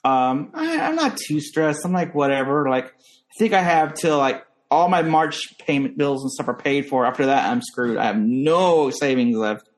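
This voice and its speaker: Young guy from norcal rambling through stories, does silly high voices for other people. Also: expressive, normal speed. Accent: American. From Northern California. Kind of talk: casual chat.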